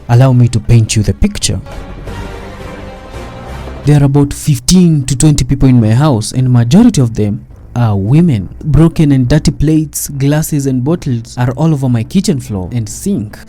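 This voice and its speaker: A man's voice: mid-range voice, animated, normal speed, warm tone, soft background music. A man reading a scripted commentary voice-over in a wry, dramatic storytelling manner. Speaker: narrator.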